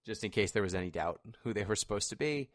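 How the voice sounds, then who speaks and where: A man's voice: lowish voice, lively intonation, fast talker, no echo. Dry-sounding man explaining game tips. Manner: explains at length, wry asides. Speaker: podcast co-host. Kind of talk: casual podcast chat.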